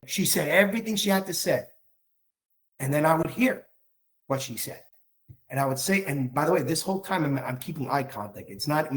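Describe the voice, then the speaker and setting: A man's voice: mid-range voice, a bit bright. A man coaching other men in a workshop, speaking emphatically and repetitively and acting out short dialogue scripts. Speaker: relationship coach. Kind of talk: workshop teaching.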